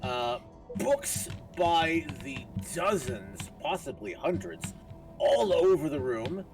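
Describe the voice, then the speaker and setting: A game master narrating a tabletop game on a live stream, playful and quick to laugh. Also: mid-range voice, very animated. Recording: distant mic with music behind.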